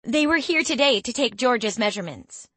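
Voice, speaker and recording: A woman's voice: fairly high pitch, expressive, moderate pace, fairly bright tone, dry recording, voice pushed up. A woman reading an audiobook voices a bubbly young female student who gushes eagerly. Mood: excited. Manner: eager, gushing. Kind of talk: audiobook character voice.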